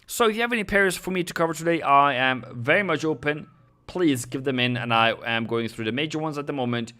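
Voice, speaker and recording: A man's voice: fairly high pitch, a little fast, sharp tone, clear, resonant tone. A young man with a non-native English delivery, hosting a live forex market analysis and talking viewers through charts with many fillers and self-corrections. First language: Norwegian. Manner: talks directly to viewers, thanks subscribers. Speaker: forex trading host.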